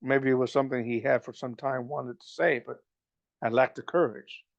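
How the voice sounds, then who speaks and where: A man reading a novel aloud, halting and restarting as he goes. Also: mid-range voice, steady tone, vocal fry, no room sound, lo-fi sound. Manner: halting, with frequent restarts and slips. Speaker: reader.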